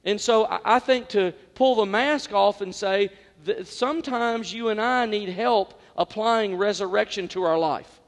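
High-voiced male pastor preaching, heartfelt and chatty, lots of restarts, long reverb from the church hall. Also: measured pace, hardly any pauses. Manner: conversational, heartfelt, with repetitions and restarts. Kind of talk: sermon. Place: church sanctuary.

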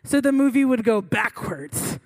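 A woman's voice: a little high, lively intonation, a little slow, darkish tone. A young adult woman giving a sermon through a funny personal story, chatty and self-mocking, laughing between lines. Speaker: preacher.

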